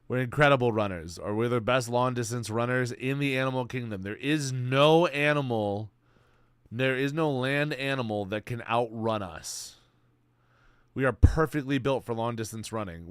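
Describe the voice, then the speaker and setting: A young man streaming, chatting casually in a rambling, slang-heavy, excitable way. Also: medium pitch, clean tone, no echo, studio quality. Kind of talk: casual chat.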